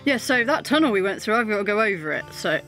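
A woman's voice: medium pitch, lively intonation, fast, a bit bright. Young woman vlogger, breezy chatty narration aboard a narrowboat, light laughs, music bed. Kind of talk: casual vlog narration. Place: narrowboat and canal towpath.

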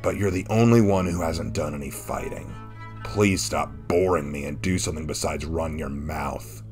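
A man doing a growling, deep-voiced grim knight. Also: animated, unhurried, soft background music. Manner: low, growling and dry. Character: grim, weary male knight warrior.

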